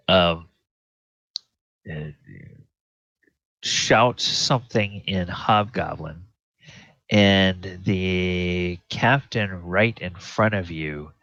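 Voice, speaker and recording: Slow, very deep-voiced game master. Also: male voice, fairly bright tone, no echo, highs cut off. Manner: hesitant, many fillers and restarts. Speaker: dungeon master. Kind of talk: running a tabletop game, casual.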